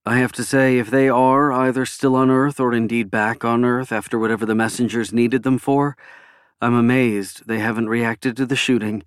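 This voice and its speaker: A man's voice: medium pitch, flat delivery, moderate pace, smooth, no room sound, clean studio sound, lightly acted. A man voicing a cool, guarded stateswoman. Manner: cool, unconcerned. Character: shrewd, guarded female former president.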